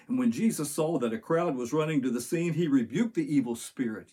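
An older man delivers a Sunday sermon in a husky, slightly breathy voice. He speaks earnestly, reading scripture aloud and pausing to explain it to his congregation. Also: medium pitch, warm tone. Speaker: pastor.

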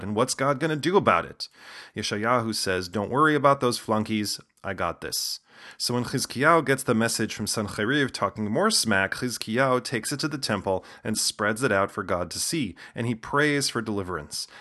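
Male host, lowish voice, dry scripted narration with joking asides. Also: bright, forceful tone. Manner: wry, casual asides.

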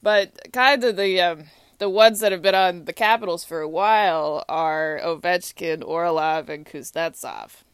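A young adult woman talking casually in a rambling, repetitive monologue with frequent filler pauses. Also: fairly low pitch, clean tone, no echo. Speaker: hockey fan.

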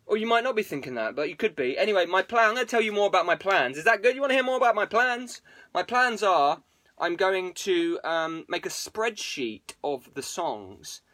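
A man's voice: high-pitched, animated, moderate pace, bright, forceful tone. A man streaming to viewers as a musician, rambling casually with plenty of swearing and jokes. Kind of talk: casual livestream chat.

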